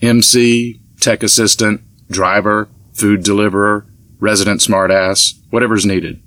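A man's voice: on the low side, unhurried, no room sound. A man reading an easygoing, joking young bearded man in an audiobook. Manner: relaxed, joking delivery.

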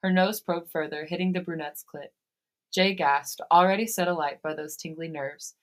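A woman podcast host reading fan fiction aloud, steady in her reading and given to breaking into laughter. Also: low-pitched, moderate pace.

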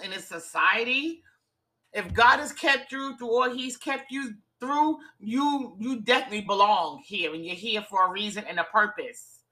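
A woman's voice: mid-range voice, sharp tone, low-quality recording. A woman hosting a motivational talk, upbeat and encouraging, smiling as she speaks in repeated call-and-response phrases. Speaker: host and author.

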